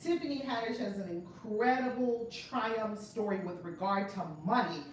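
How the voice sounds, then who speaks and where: A woman with a mid-range voice, speaking at a normal pace, hosts a live-streamed class as a spiritual teacher and channel host. She greets viewers by name with great exuberance before moving into her teaching, leaning on key words. The room is echoey, she sits far from the mic, and there's faint background noise.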